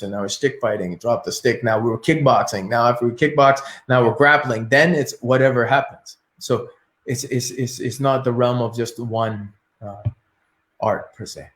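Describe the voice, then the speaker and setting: A martial arts teacher telling a story in an interview, animated and acting out his inner thoughts. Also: medium pitch, normal speed. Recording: echoey room.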